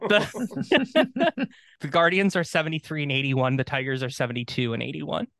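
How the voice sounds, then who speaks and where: A man's voice: on the high side, normal speed, a bit bright, dry recording. Upbeat man chatting, laughing a lot. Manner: laughs often, lots of fillers. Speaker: podcast co-host. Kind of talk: casual chat.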